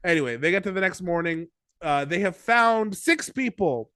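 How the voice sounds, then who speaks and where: A man's voice: high-pitched, animated, moderate pace, sharp tone, clean tone, no room sound. A man hosting a podcast, ill at the moment, recapping a story in a rambling, profane, jokey way. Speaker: podcast host. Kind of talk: casual recap chat.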